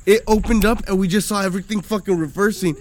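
Loud, profane, high-voiced storyteller man. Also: steady tone, fast, a little hiss or hum. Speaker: podcast co-host. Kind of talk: casual drinking chat.

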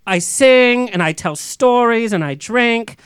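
A man hosting a podcast, telling stories in a casual, animated way and laughing often. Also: very high-pitched, slow pace, smooth, no room sound. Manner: chatty, laughing, animated storyteller. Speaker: podcast host. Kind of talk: casual chat.

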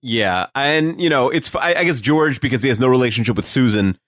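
A man on a podcast thinks out loud about a sitcom, stumbling through restarts and fillers as he builds a theory. His pitch sits in a middle range. The recording is dry with no room sound. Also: lively intonation, brisk, dry recording. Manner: hesitant, restarts and fillers, speculative. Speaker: podcast co-host. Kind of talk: casual chat analyzing a sitcom.

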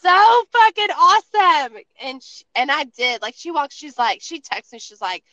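A woman hosting a podcast, telling stories in a casual, profane, animated way with lots of restarts. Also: high-pitched, moderate pace, no room sound, highs cut off. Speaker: podcast host.

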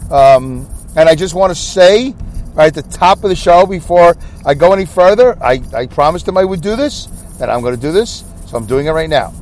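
A man's voice: on the high side, animated, fairly quick, a little mellow, slight background noise. Tired rambling man in his fifties. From upstate New York. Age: 50s. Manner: rambling, circles back and loses his train of thought. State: sleep-deprived. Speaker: podcast host. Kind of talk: rambling solo podcast monologue.

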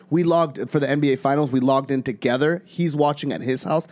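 A man's voice: fairly high pitch, brisk, hardly any pauses. A young man co-hosting a podcast, chatting casually with lots of swearing and frequent laughter. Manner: animated, swearing, laughing often. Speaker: podcast co-host. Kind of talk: casual chat.

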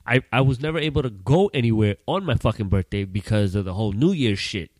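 A man's voice: on the low side, expressive, fast talker, darkish tone, no room sound. A man in his thirties from Trinidad, hosting a podcast and telling profane stories in casual chat, laughing often. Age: 30s. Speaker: podcast host.

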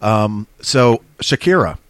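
Animated teasing male co-host. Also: on the low side, takes it slowly, dry recording. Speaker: podcast co-host. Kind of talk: casual podcast chat.

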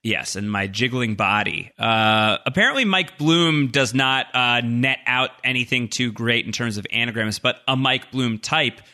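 A man's voice: medium pitch, measured pace, few pauses, bright, forceful tone. A man co-hosting a podcast, reading listener mail aloud with jokey, self-deprecating asides. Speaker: podcast co-host.

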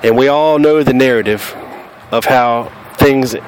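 Over a little background noise, a Southern-accented podcast host delivers a casual monologue in a mid-range voice at a measured pace. His manner is blunt and combative, with plenty of cussing.

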